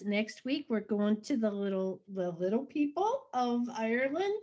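Breathy, slow-talking woman podcast host. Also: fairly high pitch, darkish tone, highs cut off. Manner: playful, drawn-out, repeats herself. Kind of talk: casual movie chat.

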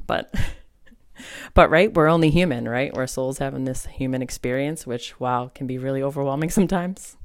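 A woman hosting a solo spiritual podcast, telling personal stories in a chatty, animated way with lots of fillers. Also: rumbling low, moderate pace, no room sound, clean studio sound. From New England. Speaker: podcast host and medium.

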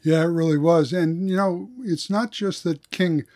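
A man, a theologian, talking through ideas in a thoughtful podcast discussion and reading quotes slowly. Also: a little high, steady tone, darkish tone.

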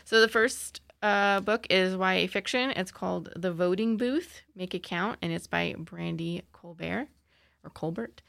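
Gravelly, bright-voiced giggly woman. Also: mid-range voice, moderate pace, hardly any pauses, no echo. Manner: giggly, chatty, lots of fillers. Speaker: librarian guest. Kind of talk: casual book recommendations.

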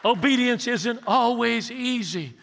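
A man's voice: very high voice, a little slow, creaky, a bit bright, some chatter behind, slight background noise. A man in his sixties, a pastor preaching an emphatic sermon and rallying his congregation with questions. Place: large church sanctuary. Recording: long reverb of a large hall.

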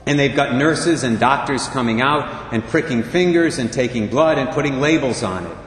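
A man preaching, telling a dramatic story slowly and emphatically, with hushed pauses. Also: mid-range voice, a little hiss or hum. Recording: echoey hall, faint ambience.

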